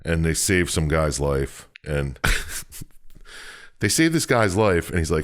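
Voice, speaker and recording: A man's voice: sits low, huge pitch swings. A man co-hosting a podcast, casually recapping a video game's story and laughing often as he retells scenes. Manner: laughs often, retells with quick silly voices. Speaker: podcast co-host recapping a game. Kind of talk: casual chat.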